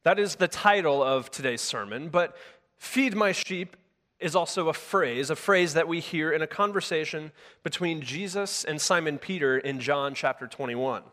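Brief: male pastor with a slightly high voice, chatty and self-correcting sermon delivery, long hall reverb. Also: normal speed, pushed and bright. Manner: conversational with frequent filler words and self-corrections. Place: church sanctuary with a live congregation.

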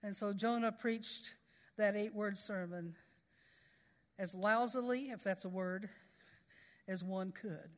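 A woman's voice: mid-range voice, fairly even intonation, takes it slowly, long pauses, big-room sound. A woman preaching a sermon in a folksy, conversational way, with storytelling asides.

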